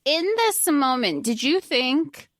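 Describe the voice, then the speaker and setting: A woman's voice: high voice, lively intonation, slow, a bit bright, dry recording, clean studio sound. A woman co-hosting a podcast, talking animatedly and swearing casually as she discusses a book. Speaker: podcast co-host.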